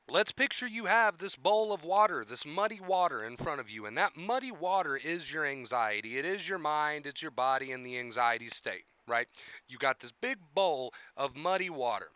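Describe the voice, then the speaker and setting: A man's voice: a little high, animated, normal speed, bright, forceful tone, clean tone, no echo, muffled recording. A young man hosting a casual livestream, chatting with viewers and coaching them on anxiety, often repeating his phrases. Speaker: livestream host talking about anxiety.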